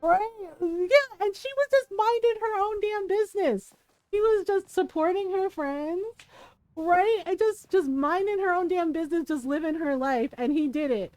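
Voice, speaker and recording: A woman game streamer chatting casually while she plays, animated, laughing often and swearing freely. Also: extremely high pitch, normal speed, dry recording. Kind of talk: casual chat while playing a life-sim game.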